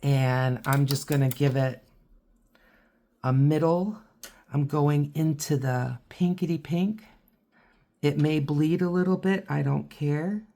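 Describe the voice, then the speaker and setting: A woman giving a relaxed watercolor tutorial, chatting and thinking aloud as she paints. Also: deep voice, slow pace, long pauses. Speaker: art teacher.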